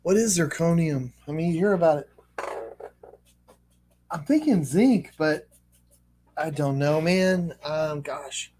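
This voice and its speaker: Male streamer, casual chat, thinks out loud, halting, lots of restarts. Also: on the high side. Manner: hesitant, thinks aloud with many restarts. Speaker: artist hosting a live stream.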